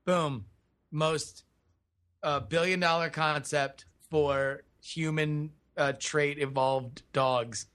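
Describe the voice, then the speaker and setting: A man with a high, bright voice co-hosting a podcast. He talks in a loose, rambling way, stacking fillers as he builds a joke. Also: steady tone, takes it slowly, clean tone. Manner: rambling, filler-heavy riffing. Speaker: podcast co-host. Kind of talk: casual comedic chat.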